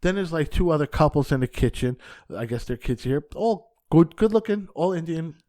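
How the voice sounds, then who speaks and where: A man, a stand-up comedian guest on a podcast, telling an anecdote in an animated way, acting out dialogue and swearing casually. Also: on the high side, normal speed.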